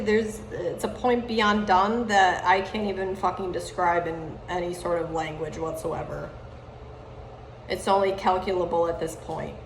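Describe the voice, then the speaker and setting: A woman in her thirties delivering an angry, profane monologue to camera, swinging between loud outbursts and low muttering. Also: a little hiss or hum. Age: 30s.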